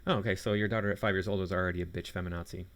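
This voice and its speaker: Low-voiced sarcastic male commentator. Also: fairly even intonation, racing, fairly bright tone, slight background noise. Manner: sarcastic, scornful. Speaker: commentator reacting to a video. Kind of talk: reaction commentary.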